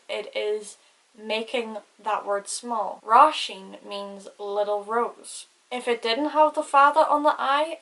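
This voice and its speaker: A woman's voice: on the high side, vocal fry, a bit bright, poor audio. A woman giving a casual language lesson who spells words out and stresses vowels carefully. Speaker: Irish language teacher.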